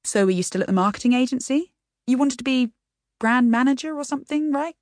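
A woman's voice: high voice, animated, fairly quick, a little mellow, dry recording, clean studio sound, voice pushed up. A woman reading the part of a friendly, sentimental married man who asks chatty, teasing questions in an audiobook.

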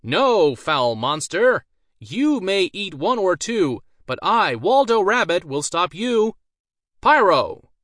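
A man's voice: a little high, sing-song, brisk, fairly bright tone, no room sound, studio quality, pitched above the performer's own voice. A man voicing a vain, showy male mage who speaks in a grand, theatrical manner. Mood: grandstanding.

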